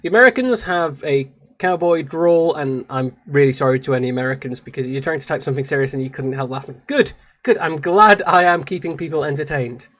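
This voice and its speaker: A man's voice: fairly high pitch, fairly quick, a bit bright. A man from England with an English accent, casually commenting on his game stream and chatting with viewers. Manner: chatty, laughing at himself, reads chat aloud. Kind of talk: live gameplay commentary. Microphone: streaming microphone.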